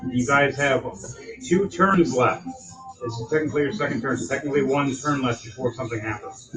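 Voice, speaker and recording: A man runs a tabletop game as game master, with a voice of middling pitch. He describes each scene step by step and calls on the players in turn, while music plays clearly behind him. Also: a little fast, poor audio.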